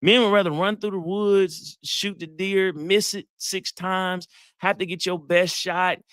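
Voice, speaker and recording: Guy hosting a live dating talk, slangy storyteller, crisp dry audio. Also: high voice, measured pace, no echo. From Atlanta, US South. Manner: animated storyteller, acts out quotes, slangy. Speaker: psychologist hosting a live session.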